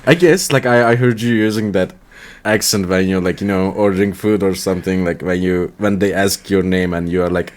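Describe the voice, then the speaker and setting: A man from Turkey co-hosting a casual podcast, rambling with lots of filler words and gently teasing his partner. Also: low-pitched, fairly quick, few pauses. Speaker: podcast co-host. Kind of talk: casual chat.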